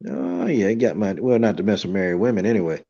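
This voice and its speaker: A man hosting a podcast, telling a story in a loose, animated way and filling it with "you know" and "man". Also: low voice, quick pace, dull audio. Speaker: podcast host. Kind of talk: casual storytelling chat.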